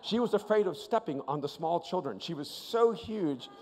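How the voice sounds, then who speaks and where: A man preaching a sermon as an animated storyteller, often repeating his first words playfully. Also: a little high, normal speed, slight background noise. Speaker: pastor. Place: church auditorium with live audience. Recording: long reverb of a large hall.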